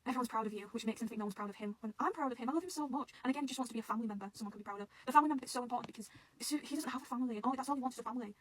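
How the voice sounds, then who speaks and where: A woman's voice: a little high, very fast. A woman chatting casually in a reaction video, rambling, emotional and gushing, with frequent swearing. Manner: excitable, rambling, swears often. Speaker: manga reaction vlogger.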